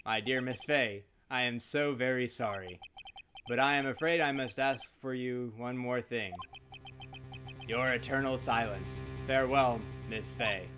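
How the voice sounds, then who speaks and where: A man voicing a sinister male assassin with slow, theatrical villain delivery in a game playthrough. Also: medium pitch, sharp tone, faint music behind. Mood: menacing.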